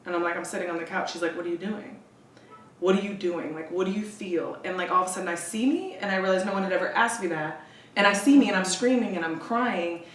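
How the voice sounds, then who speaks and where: Intense woman telling a raw personal story. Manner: emotional, intense, quick asides, quotes others in a lowered voice. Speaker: podcast guest. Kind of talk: candid conversational storytelling. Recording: roomy echo, distant from the mic, faint hiss.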